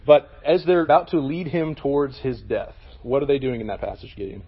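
Fast-talking husky man leading a youth lesson. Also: medium pitch, lively intonation, highs cut off. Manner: conversational, frequent "okay?" check-ins. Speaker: youth group leader. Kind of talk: casual Bible lesson to a group.

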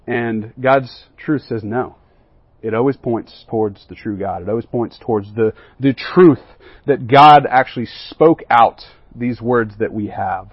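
A man with a husky, breathy voice teaches a Bible lesson to a group, often checking in with "right?" along the way. The sound is dry and close, with no room echo, but a little dull and muffled. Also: medium pitch, measured pace. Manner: keeps asking the group questions and checking in with "right?" and "okay?".

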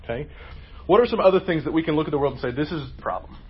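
A man's voice: fairly high pitch, lively intonation, rapid-fire. Man, Bible study leader, conversational questioning, faint background hum, muffled sound. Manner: asks questions, conversational, emphatic. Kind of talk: group Bible lesson.

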